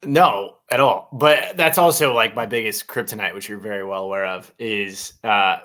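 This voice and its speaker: A man co-hosting a sports podcast in casual chat, talking with gushing, excitable fan enthusiasm. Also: on the low side. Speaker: podcast co-host.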